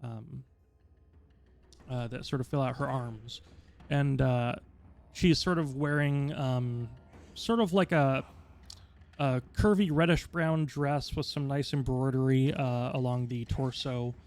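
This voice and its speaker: A man's voice: medium pitch, slow, darkish tone. A man narrating a tabletop game as game master, describing scenes in a rambling way full of fillers.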